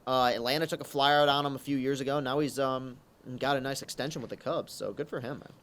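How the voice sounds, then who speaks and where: A man's voice: mid-range voice, steady tone, fast talker, fairly bright tone. A man co-hosting a casual sports podcast, chatting in an enthusiastic way. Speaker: podcast co-host.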